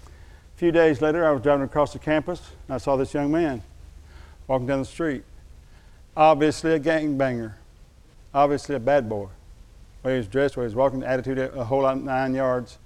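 An older man preaching a sermon, telling a personal story, slowing for emphasis and dropping to a quiet, moved tone. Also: medium pitch, steady tone, clean tone. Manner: storytelling, slows down for emphasis, drops to a hushed tone when moved. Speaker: pastor.

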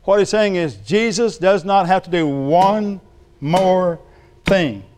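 Preacher guy in a church, high clear voice, jokes around then gets loud and emphatic. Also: slow. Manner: jokes with the congregation, rises to emphatic shouts. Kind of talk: sermon.

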